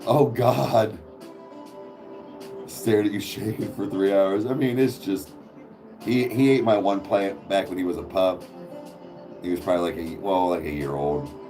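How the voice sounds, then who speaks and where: Low-voiced man chatting casually. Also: unhurried, long pauses, over music. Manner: coos softly at his dog. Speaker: streamer host. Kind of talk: casual chat with his dog and viewers.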